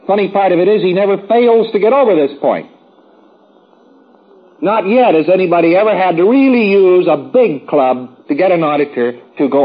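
A man's voice: fairly high pitch, breathy edge, narrow, tinny audio. A man giving a rambling, folksy, informal lecture to trainees, with wry asides.

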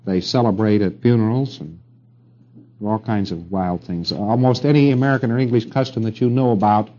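A middle-aged man lectures in a low, mellow voice, wandering from point to point with wry asides and rhetorical questions to the room. The recording is a dull, muffled old tape. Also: normal speed.

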